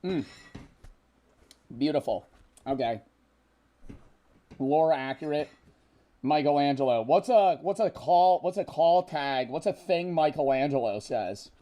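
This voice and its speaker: A man's voice: on the high side, animated, unhurried, pauses often, dark tone, dry recording. A young man chatting on a livestream, swearing a lot and sounding exasperated while he reels from spicy food. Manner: profane, exasperated, rambling. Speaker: streamer. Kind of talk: casual livestream chat.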